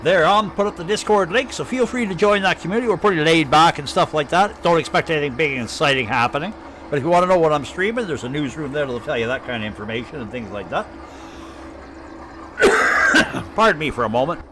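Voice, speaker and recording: A man's voice: on the high side, lively intonation, brisk, bright, forceful tone, slight background noise. A man from Canada with an Ottawa Valley accent, rambling and chatting casually as he streams live gameplay commentary. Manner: rambling, chatty, thinking aloud.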